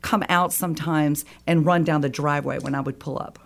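A woman's voice: sits low, brisk, creaky. A woman guest on a radio show telling a personal story with feeling, acting out the voices of the people in it. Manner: animated, acts out quoted voices.

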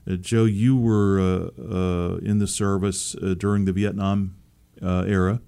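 A man in his sixties, from the Seattle area, hosting a radio talk show and interviewing a guest, often pausing with "uh.". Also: sits low, flat delivery, vocal fry, mellow, clear, resonant tone. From Seattle area, USA. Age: 60s. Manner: halting, many uh fillers.

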